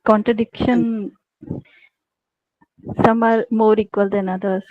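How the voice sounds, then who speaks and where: A female student answers haltingly, in a flat and even tone. Her voice comes through thin and tinny, like a phone line, with a dry sound. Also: medium pitch, dry recording. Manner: hesitant, halting. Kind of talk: classroom answer.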